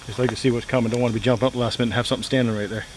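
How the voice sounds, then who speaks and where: A man casually chatting to the camera at a campsite in the woods, rambling and repeating himself in a relaxed way. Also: mid-range voice, racing. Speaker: outdoor vlogger. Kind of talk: casual solo camping vlog. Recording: outdoor recording with steady background noise.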